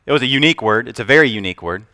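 Lively preaching man, sermon. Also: medium pitch, very fast, no echo. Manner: dynamic, swings from loud to hushed; storytelling with humor. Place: church.

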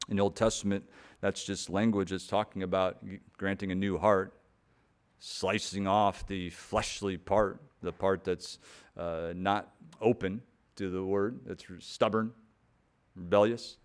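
Earnest preacher with a smooth, low voice. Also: male voice, steady tone, moderate pace. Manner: earnest, emphatic, rising in force on key points with repeated words. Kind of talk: sermon.

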